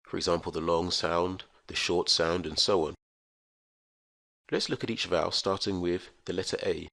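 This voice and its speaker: A man teaching English pronunciation in a careful, scripted lesson, spelling out letters and sounds with slow, deliberate enunciation. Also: low-pitched, gravelly, sharp tone, no echo.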